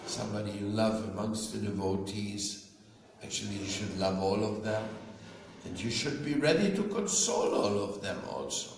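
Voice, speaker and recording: A man, a spiritual teacher, giving a slow devotional talk to an audience and often asking them questions. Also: fairly low pitch, distant mic, a little hiss or hum. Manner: slow, conversational, asks listeners questions. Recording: very echoey room, faint ambience.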